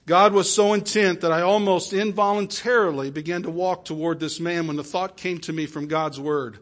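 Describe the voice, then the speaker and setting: A man preaching, retelling an emotional story in the first person, swinging from soft pleading to loud exclamations. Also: a little high, moderate pace. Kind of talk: sermon storytelling.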